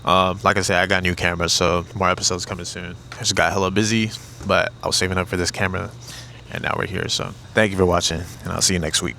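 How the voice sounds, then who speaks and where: A young American man muses in a relaxed, rambling vlog monologue, his voice low and deep. There's a gravelly fry under his words, and a faint hiss of background noise sits behind him. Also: quick pace. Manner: laid-back, rambling, says "man" and "like". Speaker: vlogger. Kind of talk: reflective casual monologue.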